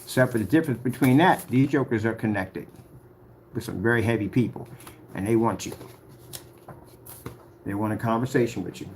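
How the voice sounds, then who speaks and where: A man's voice: medium pitch, brisk, long pauses, a little hiss or hum. A man speaking straight to the camera, confrontational and rambling as he warns a rival. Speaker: YouTuber addressing a rival. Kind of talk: direct-to-camera rant.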